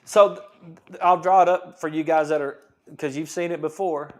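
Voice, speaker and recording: A middle-aged man hosts a health talk program and explains in a teaching manner. His voice sits a bit higher than most men's. He presses his points home with frequent restarts and repetitions. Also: steady tone, normal speed. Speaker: chiropractor show host. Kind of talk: explanatory talk-show monologue.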